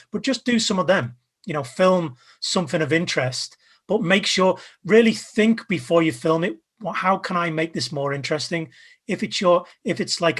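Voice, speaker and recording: A man being interviewed as a guest, giving casual advice with an energetic, emphatic coaching tone. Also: on the high side, breathy edge. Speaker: guest, video creator.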